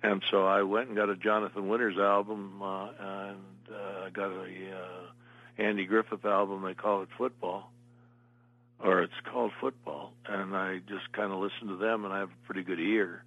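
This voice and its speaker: A man's voice: low voice, level tone, moderate pace, dry recording, narrow, tinny audio. An older man, an actor, telling long meandering stories as an interview guest. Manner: meandering anecdotal storyteller. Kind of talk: casual interview storytelling.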